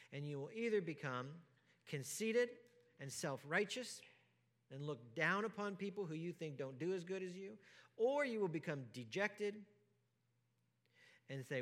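A man preaching a sermon as pastor, emphatic, asking rhetorical questions and swinging from hushed to loud. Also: fairly high pitch, animated, measured pace. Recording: long hall reverb.

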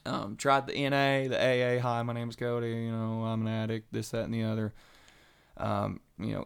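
Man, gravelly voice, casual storytelling, animated, plays out quoted voices. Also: mid-range voice, a little fast. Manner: animated, acts out quoted voices, Southern colloquial. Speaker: guest telling his recovery testimony.

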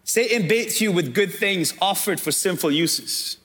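High-voiced man preaching a sermon. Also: a little slow, fairly bright tone. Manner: preaching, addressing the congregation directly. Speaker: pastor.

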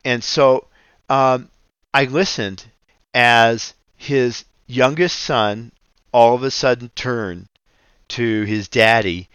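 A man hosting a radio ministry show, teaching and reading scripture in an earnest, unhurried way. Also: medium pitch, a bit bright, clean tone, dry recording. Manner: slow, earnest, reads scripture aloud.

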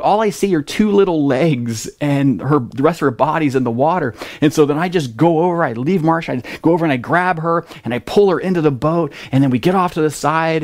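Middle-aged male pastor, casual storytelling sermon, medium voice, gets animated in the tense bits. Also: medium pitch. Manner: conversational storytelling, lively at dramatic moments.

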